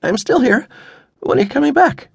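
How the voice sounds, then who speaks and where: A man's voice: very high-pitched, animated, moderate pace, creaky, husky, no echo, pitched above the performer's own voice, exaggerated voice. A man voicing a worried middle-aged father who sounds urgent and exasperated. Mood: agitated.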